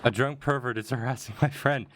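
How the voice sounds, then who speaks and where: A man's voice: mid-range voice, steady tone, brisk, fairly bright tone, a little hiss or hum, pitched above the performer's own voice, natural voice. A man voicing a sketchy young woman who pleads urgently for help. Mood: pleading.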